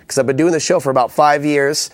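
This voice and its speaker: A man's voice: on the high side, fairly even intonation, fast talker, no echo, clean studio sound. A man hosting a call-in public access show, talking in a loose, rambling way with many fillers and restarts. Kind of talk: casual call-in talk.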